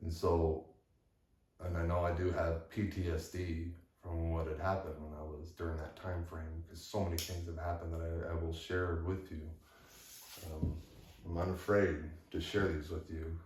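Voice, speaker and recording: A man telling a personal story to the camera in a candid, halting way with frequent restarts. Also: sits low, level tone, darkish tone. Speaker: vlogger. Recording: echoey room, far from mic.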